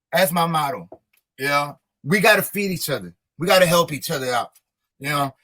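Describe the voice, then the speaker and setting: Emphatic high-voiced rapper. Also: male voice, pushed and bright. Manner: emphatic, repetitive, motivational. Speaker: rapper and guest. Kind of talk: casual interview talk.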